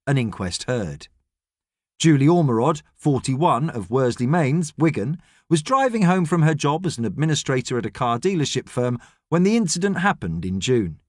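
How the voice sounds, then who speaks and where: A man narrating an audiobook with an expressive storytelling delivery. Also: medium pitch, moderate pace, no room sound. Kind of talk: scripted narration. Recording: dry studio sound.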